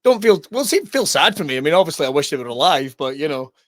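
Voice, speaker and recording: A Scottish man in his forties hosts a casual podcast chat, cracking jokes and swearing freely. His voice sits high and swings widely in pitch. The sound is dry and close. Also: sing-song, quick pace, no echo. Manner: swearing, jokey, acts out silly voices. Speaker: podcast host.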